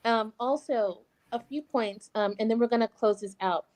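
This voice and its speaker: A woman hosting a podcast in casual chat, animated and affirming, often tagging "right?" onto her points. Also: a little high, normal speed, low-quality recording. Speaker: podcast host.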